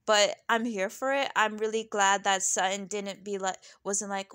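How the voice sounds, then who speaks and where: A young woman giving a casual, sassy recap of a reality TV episode, animated and laughing often. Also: medium pitch, normal speed, few pauses, clean tone. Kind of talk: casual chatty commentary.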